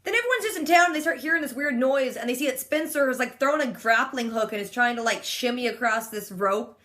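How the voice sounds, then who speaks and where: A young woman in her twenties with a slightly high voice gives a chatty recap of a TV episode. She talks casually and sarcastically, leaning on "like" all the time. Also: fast talker, pushed and bright. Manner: sarcastic, chatty, heavy use of "like". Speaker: vlogger.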